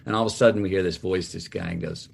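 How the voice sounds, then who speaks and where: A middle-aged man, a podcast guest, telling a long story with lively, drawn-out delivery. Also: sits low, gravelly. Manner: lively, drawn-out storyteller who acts out scenes. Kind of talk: animated storytelling in a podcast chat.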